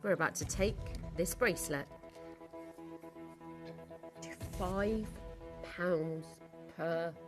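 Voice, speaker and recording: A woman presenting on a live shopping channel, gushing and excitable as she sells jewellery and home goods from a studio. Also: fairly low pitch, takes it slowly, long pauses, over music. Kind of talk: live selling pitch.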